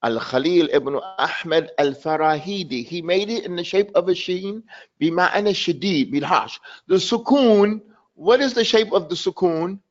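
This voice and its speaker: A man's voice: sits high, measured pace, lo-fi sound. A man teaching an online language class, stressing and repeating words over and over to drill his students' pronunciation. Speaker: Arabic teacher.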